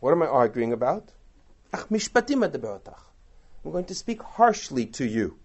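Rabbi teaching a class: a man with a lively, swinging delivery and a slightly high voice, who quotes and translates verses. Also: fairly quick, breathy edge. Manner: animated, rhetorical questions, recites and translates Hebrew verses. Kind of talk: text study lecture.

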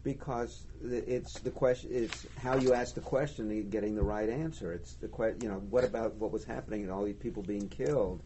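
Male student, deep and dark-toned, pushing back on a point, faint room noise around him. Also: a little fast, few pauses, rough recording. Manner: questioning, challenging. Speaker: class participant. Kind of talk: discussion in class.

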